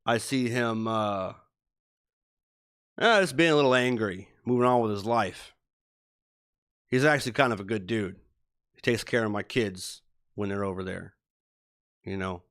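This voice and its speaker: A man's voice: on the low side, a little slow, long pauses, fairly bright tone. A man in his thirties rants on a live stream in a profane, heated, rambling way. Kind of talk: casual ranting live stream chat.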